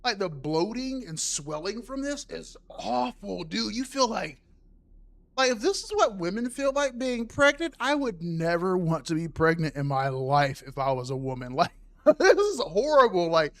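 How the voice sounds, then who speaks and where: A man chatting casually and profanely on a game live stream, bursting into panicked shouts during fights. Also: high-pitched, sing-song, moderate pace.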